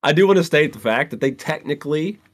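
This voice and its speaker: A man's voice: a little high, animated, quick pace. A man in casual conversation about a movie, laid-back and agreeable.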